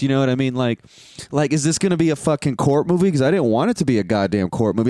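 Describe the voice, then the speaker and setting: A man's voice: medium pitch, very animated, fast, a little mellow, dry recording, studio quality. A young man giving a casual, profane movie review, rambling with lots of fillers and mocking scenes in put-on voices.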